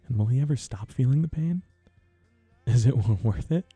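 A man giving a casual, earnest spoken film review, sharing personal feelings with soft laughs. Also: mid-range voice, expressive, normal speed, slightly rough, no room sound, soft background music.

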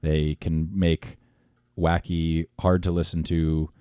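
A man's voice: very deep voice, level tone, slow pace, mellow, clean tone, no echo. A man hosting a radio show, chatting in a dry, hesitant way with frequent ums. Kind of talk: casual studio banter.

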